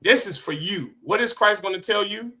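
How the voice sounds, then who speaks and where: A man teaching a class as an impassioned preacher, with rhetorical questions and sharp swings in loudness. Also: sits high, normal speed. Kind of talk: street-preacher sermon.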